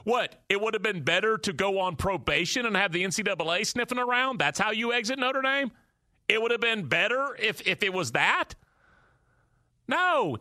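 A man's voice: sits high, lively intonation, normal speed, pushed and bright, no room sound, clean studio sound. A man hosting a sports talk show, ranting emphatically and repeating his points. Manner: emphatic, preachy repetition. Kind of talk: animated opinion rant.

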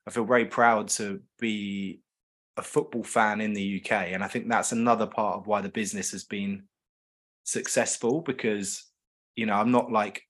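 A man's voice: lowish voice, fairly even intonation, normal speed, a bit bright. Enthusiastic man. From South London, England. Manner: enthusiastic, restarts a lot. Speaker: podcast guest, business owner. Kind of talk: casual chat.

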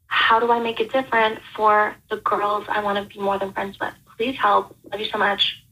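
Woman caller on a voicemail, bright tinny phone sound, kinda rambly and earnest. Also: mid-range voice, little pitch movement, normal speed. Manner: rambling, earnest, searching for words. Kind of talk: recorded voicemail. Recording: voicemail over a phone line.

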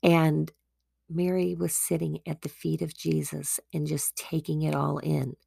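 A woman hosting a devotional podcast tells a Bible story in an earnest, chatty way. Her voice is low-pitched and heavily gravelly, and she speaks slowly. The recording is close and dry. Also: little pitch movement, dark tone, dry recording. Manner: earnest, conversational, with frequent restarts. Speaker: podcast host.

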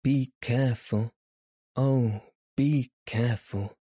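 A man's voice: lowish voice, steady tone, slow pace, mellow, dry recording. A man voicing a small, proud and touchy male elf in a storybook reading, with a dry voice. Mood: fretful.

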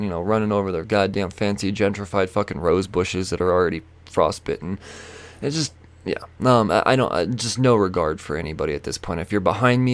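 A young man hosting a podcast, telling a story as a profane comedic rant, full of swearing and shouted quotes. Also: on the low side. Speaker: podcast host.

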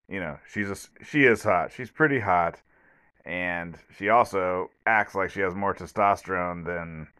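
A man's voice: sits low, pushed and bright, smooth. A man hosting a solo podcast review from home, rambling with many fillers and restarts in a blunt, sarcastic way. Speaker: podcast host. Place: at home, alone.

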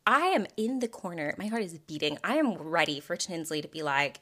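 A woman's voice: on the low side, animated, fairly quick, hardly any pauses, fairly bright tone. A young woman from Texas hosting a podcast, chatting and telling stories dramatically, with jokes and swearing. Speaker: podcast host. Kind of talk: casual chat, storytelling.

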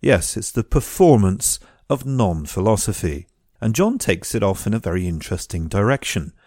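Low-voiced wry male podcast host. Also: sing-song, moderate pace, a little mellow, dry recording, clean studio sound. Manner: wry, jokey asides. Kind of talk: podcast introduction.

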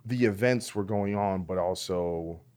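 A man with a low voice hosts a podcast interview in a reflective, conversational way. He often restarts his sentences as he works through his thoughts. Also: a little slow, a little mellow. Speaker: podcast host.

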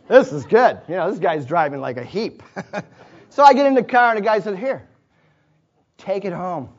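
Brief: male preacher, high voice, storytelling sermon with chuckles and asides, dull lo-fi sound. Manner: chuckles often, conversational asides. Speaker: pastor. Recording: dull lo-fi recording.

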